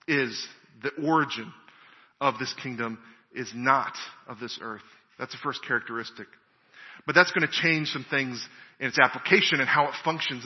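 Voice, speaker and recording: A man's voice: mid-range voice, muffled recording. Earnest male preacher in a reverberant hall. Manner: earnest, measured preaching with frequent restarts. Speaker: pastor. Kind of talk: sermon.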